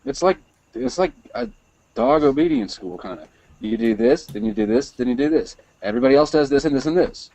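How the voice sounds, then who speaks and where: A man in a casual group discussion, chiming in with quick comments. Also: medium pitch, sing-song, creaky, darkish tone, low-quality recording.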